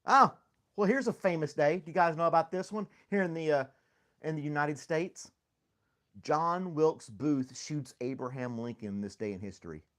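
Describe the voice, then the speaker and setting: A man's voice: a little high, expressive, moderate pace, a bit bright. A man hosting a casual livestream chat, rambling and joking, laughing often at himself. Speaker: host.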